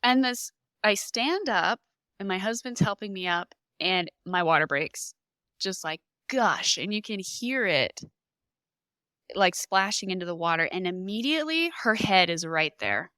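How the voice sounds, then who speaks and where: A woman in her thirties, a podcast guest, telling her birth story in an animated way and acting out what people said. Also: medium pitch, unhurried, clear, resonant tone, no room sound.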